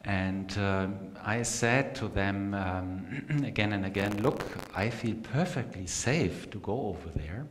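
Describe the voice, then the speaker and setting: A man with a German accent giving an unhurried live talk to an audience, pausing often with fillers. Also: lowish voice. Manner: unhurried, hesitant with many fillers. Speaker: meditation teacher giving a talk. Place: meeting room with a live audience. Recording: echoey hall, faint noise.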